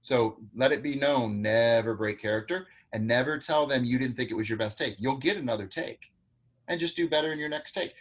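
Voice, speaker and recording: A man running an acting class over a video call, speaking at a middle pitch. He gives students direct, encouraging notes and practical tips about staying in character. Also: a little fast. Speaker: acting coach. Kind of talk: online acting class feedback.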